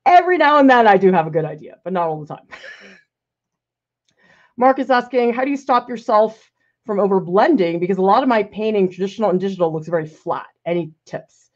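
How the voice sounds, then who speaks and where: A woman's voice: medium pitch, animated, moderate pace, darkish tone. A woman art professor painting live, thinking aloud casually and critiquing her own work, laughing often as she answers viewer questions. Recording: slightly dull lo-fi sound.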